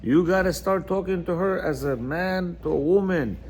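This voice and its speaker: A man's voice: sits high, normal speed, a little hiss or hum. A man teaching a lecture on marriage, reading from a text and explaining it in a conversational, emphatic way with frequent asides. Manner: conversational, many "you know" asides, emphatic. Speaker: religious teacher.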